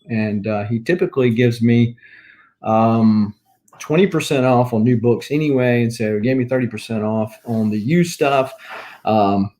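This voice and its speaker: A man's voice: medium pitch, dark tone. A man with a Southern US accent chatting casually as a comic book collector vlogger, rambling as he lists items one by one. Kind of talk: casual show-and-tell chat.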